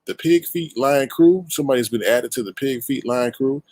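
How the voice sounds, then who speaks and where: In a low-quality recording, a man with a mid-range voice hosts his livestream show. He greets viewers individually, casual and playful, with animated shout-outs and long, drawn-out hellos.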